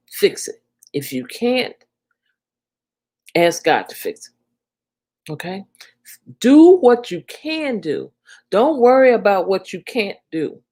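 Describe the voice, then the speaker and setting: Woman spiritual reader hosting a live talk; slow, lively and a little low, checking in with "okay?". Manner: slow, lively delivery, ending phrases with a soft "okay?".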